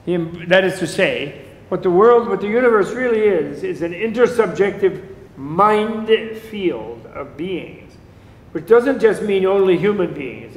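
A man teaching a class on Buddhism in a casual, digressive lecture, joking and chuckling as he goes. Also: high-pitched. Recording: echoey lecture room.

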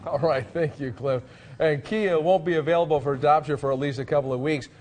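A man reading the evening news as studio anchor, in a measured newsreader delivery. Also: a little high, a little mellow, slight background noise.

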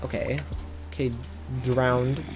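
A streamer chatting casually while gaming, excitable, gasping and quick to panic. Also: male voice, medium pitch, faint music behind.

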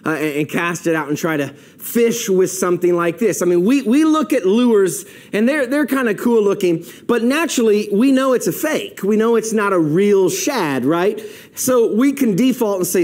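A male pastor preaching a sermon in an animated, conversational way, illustrating his points with object lessons. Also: high voice, normal speed. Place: church, streamed online.

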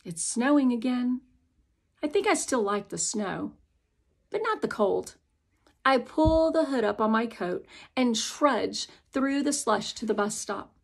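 Slow, unhurried woman reading a novel aloud. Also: on the high side, very animated, vocal fry. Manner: unhurried, as a young girl telling her story. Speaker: audiobook narrator. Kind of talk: first-person audiobook narration.

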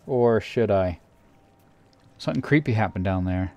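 A man narrating a scary game playthrough in a theatrical way, dropping to a hush and then shouting in panic. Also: lowish voice, expressive, normal speed. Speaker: let's player. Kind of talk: acted creepypasta gameplay narration.

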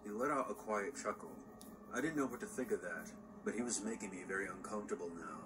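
A man reading a first-person horror story in steady, plain scripted narration. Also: lowish voice, quick pace, a little hiss or hum. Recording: distant, with loud background ambience.

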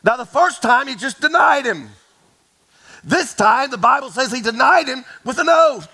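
A pastor preaches in a high, bright, expressive voice at a normal speed, sounding slightly rough. He tells the story dramatically, dropping to near whispers and rising to shouts while addressing his congregation directly. The recording is low quality.

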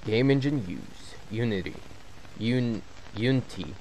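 A man giving casual commentary while playing a horror game, swearing a lot and getting jumpy and loud when something startles him. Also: medium pitch, lively intonation, unhurried, gravelly, slight background noise, poor audio. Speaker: gamer and channel host. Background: game music.

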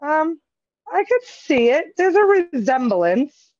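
A woman with a raspy, gravelly, smoky voice and a Long Island accent, co-hosting a casual chat and laughing often. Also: high-pitched, sing-song, slow pace, darkish tone, lo-fi sound. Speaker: podcast co-host.

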